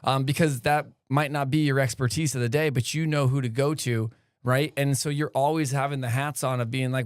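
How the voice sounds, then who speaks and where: Rambling American podcast host. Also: male voice, medium pitch, fairly even intonation, brisk, clean tone, no echo, studio quality. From California. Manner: loose, rambling, often asks "right?". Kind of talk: casual conversation.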